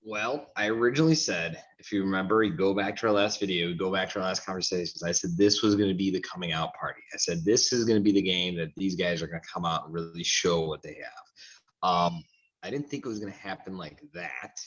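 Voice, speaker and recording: A man's voice: low-pitched, fairly quick, a bit bright, lo-fi sound. A man co-hosting a soccer talk show, giving frank, opinionated takes in a rambling casual way. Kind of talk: casual sports chat.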